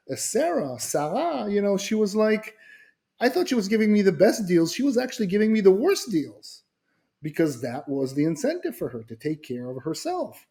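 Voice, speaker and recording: A middle-aged man explaining his ideas in conversation, telling stories with acted-out quotes and frequent restarts. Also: high-pitched. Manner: animated storyteller, acts out quoted voices, repeats words when restarting. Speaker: guest speaker.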